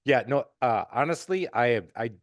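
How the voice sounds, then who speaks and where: A man from Michigan hosting a casual podcast chat, joking and telling stories in an animated way. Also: medium pitch, moderate pace, no room sound, clean studio sound. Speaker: podcast host.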